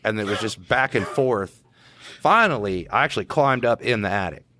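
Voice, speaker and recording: Man, deep low voice, relaxed storytelling, dry booth sound. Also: moderate pace, no echo. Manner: laid-back drawl, chuckling, slangy. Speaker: podcast co-host, police officer. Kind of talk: casual storytelling chat.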